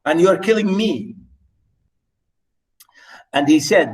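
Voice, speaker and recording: A man lecturing on poetry, animated, asking the class rhetorical questions and reading verse aloud slowly. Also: a little high, far from the mic, low-quality recording. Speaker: literature lecturer.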